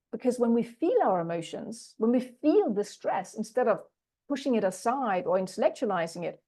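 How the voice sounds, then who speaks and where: Middle-aged woman speaker, coach at a conference talk; fairly high, mellow voice; earnest storyteller who re-enacts dialogue. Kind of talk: talk with retold coaching stories.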